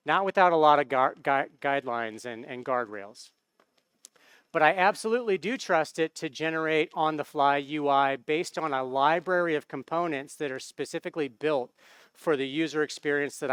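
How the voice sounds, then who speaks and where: A man's voice: on the high side, fairly bright tone, smooth, no echo. An American man giving a conference talk on stage into a microphone, in a casual, conversational way with frequent tag questions. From United States. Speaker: conference speaker.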